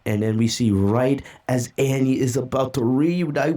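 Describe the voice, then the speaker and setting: A man's voice: mid-range voice, normal speed, few pauses, mellow. A man hosting a casual reaction video, recapping a manga chapter with loose fillers while holding back tears. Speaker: manga reaction channel host.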